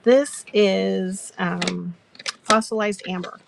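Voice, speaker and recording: A woman's voice: mid-range voice, steady tone, takes it slowly, creaky, noisy background. A woman hosting a casual crafting chat, telling stories in a giggly, rambling way. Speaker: crafter and live-selling host.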